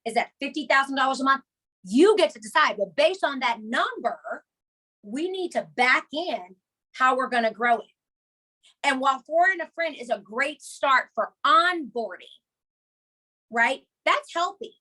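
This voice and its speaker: Upbeat woman running a team call, high bright voice, punchy and repeats herself a lot. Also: a little slow. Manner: energetic, emphatic, repeats key points, chatty asides. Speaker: team leader hosting a call.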